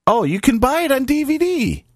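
A man's voice: very high voice, sing-song, normal speed, dry recording, studio quality. A man co-hosting a radio show who chimes in with crude, laughing remarks. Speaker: radio co-host. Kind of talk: casual chat.

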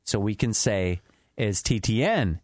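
A man's voice: fairly low pitch, animated, unhurried, a little mellow, no room sound, clean studio sound. A man co-hosting a casual talk show, teasing and wisecracking. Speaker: co-host. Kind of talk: casual banter.

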